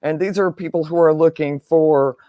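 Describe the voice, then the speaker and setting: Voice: medium pitch, steady tone, normal speed, mellow, no room sound, clean studio sound. An older panel guest who speaks thoughtfully and hesitantly, restarting sentences. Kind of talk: casual panel chat.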